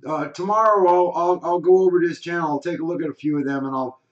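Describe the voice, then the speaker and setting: A man hosting a live call-in stream, talking in a calm, agreeable, measured way. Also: fairly high pitch, dull audio. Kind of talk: casual call-in chat.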